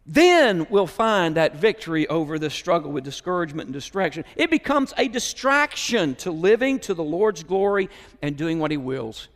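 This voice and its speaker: A man with a Southern American accent preaching a sermon, moving between soft musing and raised, emphatic preaching. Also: fairly high pitch, big pitch swings, moderate pace. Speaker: pastor. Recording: hall reverb.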